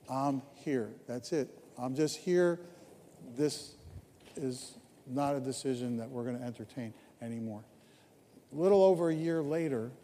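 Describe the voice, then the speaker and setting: A pastor in his sixties preaching a sermon in a church, telling a personal story and moving from hushed to fervent. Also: on the high side, big-room sound.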